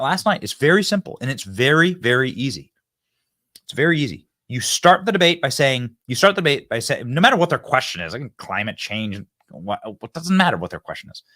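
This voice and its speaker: A man in his thirties hosting a political commentary show, talking emphatically and repeating himself as he builds to punchy lines. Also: medium pitch. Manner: emphatic, repetitive, rising to near-shouts when acting out debate lines. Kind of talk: animated political monologue.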